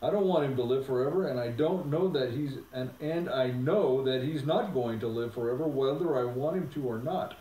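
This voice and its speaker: A proud, lordly talking war horse, as a man reads him aloud lectures in a brisk, scornful way. The voice is mellow and warm. It echoes in a roomy space, caught from some distance off the mic. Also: medium pitch, natural voice. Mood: indignant.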